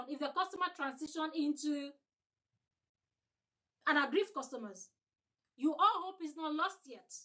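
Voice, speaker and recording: A woman's voice: sits high, sharp tone, low-quality recording. A woman leading an online customer-service training, emphatic, repeating her points and acting out sample lines.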